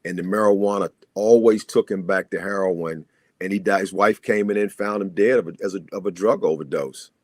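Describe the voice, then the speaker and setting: A man's voice: low-pitched, fairly even intonation, brisk, darkish tone, dry recording. Earnest older man telling his story. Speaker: guest. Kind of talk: interview, personal recovery story.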